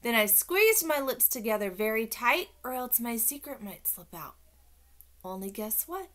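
A woman's voice: fairly high pitch, sing-song, measured pace, a bit bright. A woman narrating a children's audiobook in a playful, childlike first-person voice.

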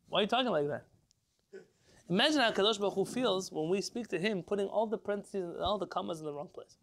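A man teaching an informal religious class as a rabbi, lively and rhetorical, putting questions to his listeners. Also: high voice, quick pace. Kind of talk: informal Torah lesson to a live class.

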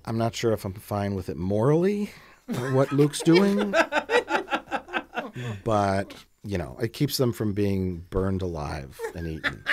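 Lively, sarcastic man doing movie commentary. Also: lowish voice, slow pace, crowd noise. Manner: sarcastic, jokey, reacts loudly to the screen. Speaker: film commentary host.

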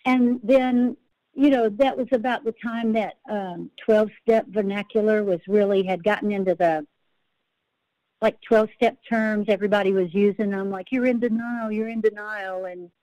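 A woman's voice: medium pitch, fairly even intonation, normal speed, dark tone, dry recording, poor audio. A woman country singer-songwriter, a podcast guest, telling rambling, self-interrupting stories and laughing at her own tales.

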